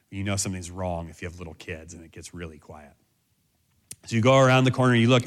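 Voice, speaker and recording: A man teaching in a sermon style, direct and instructive, who stresses points by repeating key phrases. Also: fairly low pitch.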